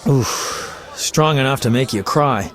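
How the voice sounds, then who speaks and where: A man's voice: medium pitch, takes it slowly, a bit bright, some chatter behind. A man voicing a chatty, flamboyant male poet and bard who talks in a teasing, talkative way. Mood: lively. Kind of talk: video game voice acting.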